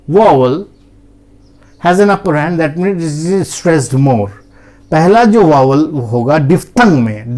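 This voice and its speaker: A man with an Indian accent gives an English pronunciation lesson, moving between English and Hindi. He talks slowly and patiently, saying each example word aloud over and over for his students. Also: fairly high pitch, a little mellow. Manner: slow, repetitive, drills words aloud. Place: in front of a teaching board.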